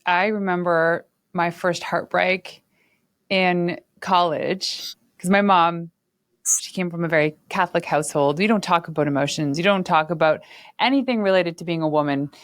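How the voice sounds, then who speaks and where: Woman, podcast host, conversational storyteller, lively, somewhat low voice. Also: normal speed, no echo, studio quality. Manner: lively anecdote-telling with laughs.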